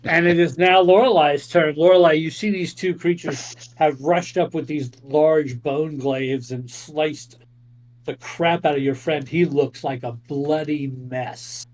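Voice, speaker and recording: A man's voice: fairly high pitch, steady tone, unhurried. A man narrating as game master in a casual tabletop game session, describing gory combat lightly and laughing often.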